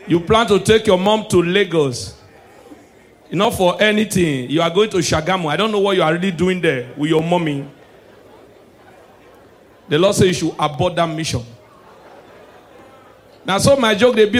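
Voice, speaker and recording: A stand-up comedian with a Nigerian Pidgin English accent, his voice sitting notably high for a man. He is loud and animated on stage and shouts his punchlines. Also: normal speed, long pauses.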